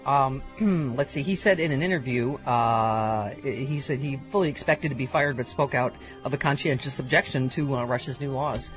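A man's voice: mid-range voice, normal speed, few pauses, faint music behind. A man co-hosting a talk radio show, chatty, reading news aloud with joking asides. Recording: dull lo-fi broadcast audio.

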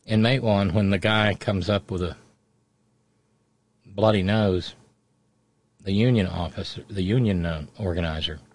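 A man's voice: low-pitched, a little slow, long pauses, no room sound. A middle-aged man hosting a radio show, telling a family story in a rambling, digressive way. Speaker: radio host. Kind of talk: casual radio monologue.

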